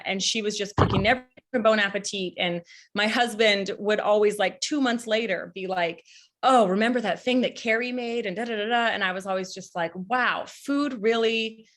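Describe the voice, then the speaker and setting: A woman cookbook author talking in a relaxed, rambling way over a video call, with many "you know" fillers. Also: lowish voice. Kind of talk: casual conversation.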